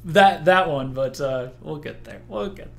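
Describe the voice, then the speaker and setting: Tired young male stream host, slow and halting, slightly high voice, lots of fillers. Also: vocal fry, a bit bright, soft background music. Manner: halting, full of fillers and restarts. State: tired, sleep-deprived. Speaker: livestream host. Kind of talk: casual livestream chat.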